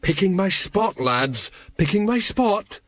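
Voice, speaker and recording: A man's voice: sits high, very animated, slow pace, dry recording, clean studio sound, voice pushed up, exaggerated voice. A man voicing a nervous, blustering middle-aged watch sergeant in an audiobook reading. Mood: quavering bravado. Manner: quavering, blustering.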